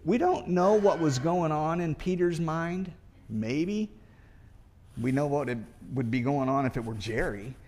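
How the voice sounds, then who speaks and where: A man's voice: fairly high pitch, measured pace, darkish tone. A man preaching a sermon in a conversational way, asking rhetorical questions and often restarting as he thinks aloud. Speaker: pastor.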